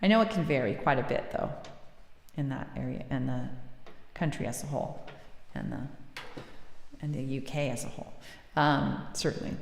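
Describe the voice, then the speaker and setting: A woman's voice: low-pitched, lively intonation, normal speed, creaky, pauses often, a bit bright, roomy sound, in a large hall. A woman hosting a music livestream, chatting casually with viewers in a self-deprecating way and laughing easily.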